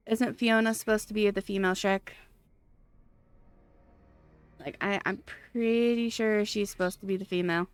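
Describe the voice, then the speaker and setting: A woman's voice: mid-range voice, gravelly. A woman streaming a game live, chatting casually and thinking aloud, with many fillers and small laughs. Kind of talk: casual live-stream chat while gaming.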